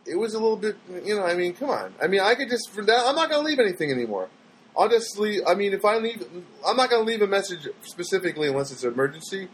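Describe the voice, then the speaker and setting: A man with a high-pitched voice tells his viewers everyday stories in a rambling, exasperated monologue, often restarting and imitating other people when he quotes them. The recording is rough, with a slight hiss or hum.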